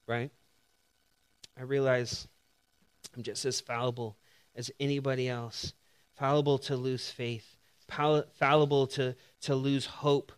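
A man preaching a casual, animated sermon, telling a story with sound effects and then reading scripture quietly. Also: medium pitch, smooth. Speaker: pastor.

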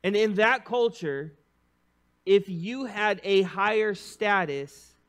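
A male preacher with a high, bright-sounding voice delivers a sermon in a loose, conversational way. He grows animated on his points and goes soft and low when he reads scripture. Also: slow. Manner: animated, drops to a hushed tone for scripture; casual preacher asides. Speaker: pastor.

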